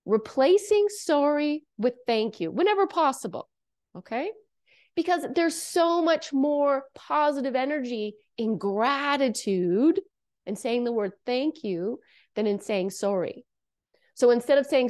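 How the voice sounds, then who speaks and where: A woman from Canada speaks straight to her listeners in a casual self-help monologue. Her voice sits a little high, and she talks earnestly, coaching them and checking in with "okay?" and "right?". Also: lively intonation, unhurried, a little mellow.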